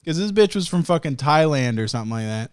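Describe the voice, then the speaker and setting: A man's voice: a little high, expressive, quick pace, clean tone, dry recording, clean studio sound. A young man hosting a podcast, telling a story in a profane, ranting casual chat. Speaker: podcast host.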